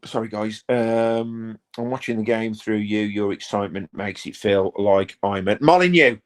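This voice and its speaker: A man hosting a live football watch-along from home, chatting to viewers in a rambling way and breaking into quick play-by-play. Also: fairly low pitch. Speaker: fan channel host.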